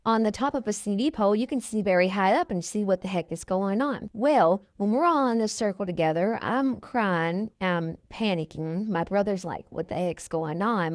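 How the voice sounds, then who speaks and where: A woman in her thirties telling a personal story in a casual, animated way, full of dramatic repetition. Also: mid-range voice, dry recording, clean studio sound. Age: 30s.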